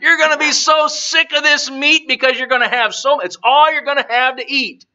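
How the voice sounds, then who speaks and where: A man's voice: very high-pitched, normal speed, pushed and bright, voice pushed up, exaggerated voice. A man doing a blunt, teasing male deity. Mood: blunt scolding. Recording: dull lo-fi recording.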